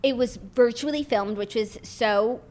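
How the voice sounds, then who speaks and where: Bubbly young woman with a higher voice. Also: measured pace, darkish tone. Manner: bubbly, jokey, reads news stories aloud. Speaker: podcast co-host. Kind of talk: comedic royal role-play chat.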